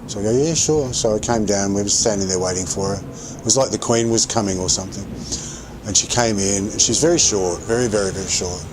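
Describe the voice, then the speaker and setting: A man's voice: fairly low pitch, fairly even intonation, quick pace, noisy background. A man casually telling a rambling anecdote while playing a game, often correcting himself as he goes. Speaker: streamer telling stories while gaming.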